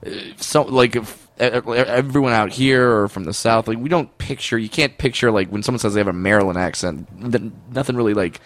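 A man co-hosting a casual podcast chat, playful and quick to laugh and riff on jokes. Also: fairly low pitch, a bit bright, no room sound.

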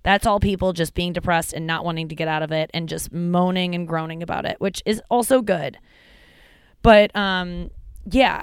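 Smooth, low-voiced woman confiding on a podcast. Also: no echo. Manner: frank, rambling and profane, emotional and close to tears. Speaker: podcast host and stand-up comedian. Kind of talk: candid personal monologue.

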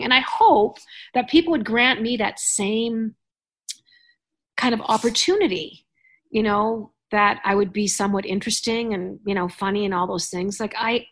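A woman hosts a podcast in easy conversation, rambling and circling back on herself. Her voice sits slightly high. She talks loosely, restarting her sentences. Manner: chatty, rambling with many restarts. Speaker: podcast host. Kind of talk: casual chat.

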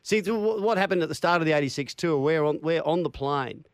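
A man's voice: fairly high pitch, fast talker, no echo, clean studio sound. An Australian man in his fifties hosting a radio show, telling stories with plenty of laughs. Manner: laughing, lively storyteller. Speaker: radio host. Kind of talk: casual radio banter.

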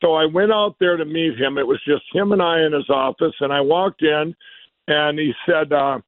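A man's voice: fairly high pitch, moderate pace, dry recording. A man from Minnesota, a guest telling his story in a rambling way, often repeating and restarting his words. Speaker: guest, company founder. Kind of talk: casual storytelling. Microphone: phone. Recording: tinny phone line, dry.

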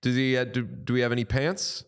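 A young man co-hosting a laid-back sports podcast, joking and riffing as he goes. His voice is smooth and clear, sitting in an ordinary middle pitch. He jumps from breezy chat into excited, quick bursts. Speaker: podcast co-host. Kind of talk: casual chat and ad read.

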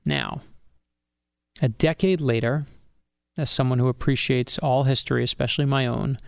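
A middle-aged man, an author being interviewed on a podcast, telling a personal story with animated energy and acting out the people he quotes. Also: mid-range voice, moderate pace, vocal fry, smooth, dry recording, clean studio sound. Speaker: author guest.

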